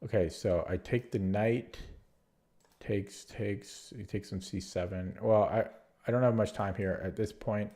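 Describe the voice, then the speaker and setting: Low, stuffy-nosed man muttering chess moves. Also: fairly even intonation, measured pace, dark tone. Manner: muttering move calls to himself, hesitant. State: nasal from spring allergies. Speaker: online chess player. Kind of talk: thinking-aloud game commentary.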